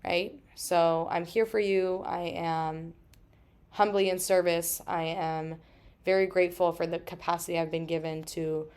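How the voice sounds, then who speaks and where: A woman in her thirties hosting a solo podcast, talking emphatically with frequent swearing and quick asides. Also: lowish voice, little pitch movement, darkish tone, clear, resonant tone. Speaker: podcast host.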